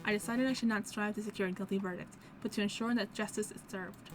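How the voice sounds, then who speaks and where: A woman's voice: medium pitch, steady tone, fast, over music, close to an everyday voice, poor audio. A woman doing an earnest male prosecutor. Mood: reflective.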